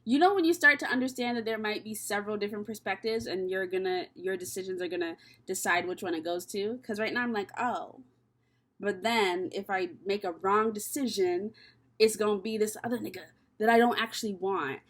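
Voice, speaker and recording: Young woman, tarot vlogger, casual and profane, thinks out loud, mid-pitched voice. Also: a little fast. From Canada. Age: young adult. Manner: candid, profane and chatty, thinking aloud. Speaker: tarot reader. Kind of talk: casual tarot reading vlog.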